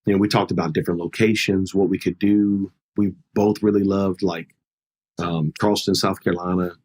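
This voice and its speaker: A man's voice: low voice, flat delivery, brisk, a little mellow. A middle-aged man, a pastor, telling a personal story in an earnest, conversational way during a podcast interview.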